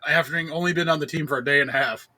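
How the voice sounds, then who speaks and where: Male podcast co-host with a bright, sharp voice, relaying live game updates casually. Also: a little high, fairly even intonation, racing.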